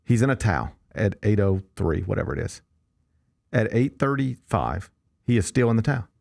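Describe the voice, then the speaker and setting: Lively, animated middle-aged man. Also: lowish voice, moderate pace, gravelly. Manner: animated, self-deprecating storytelling. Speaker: sports show host. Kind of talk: casual chat.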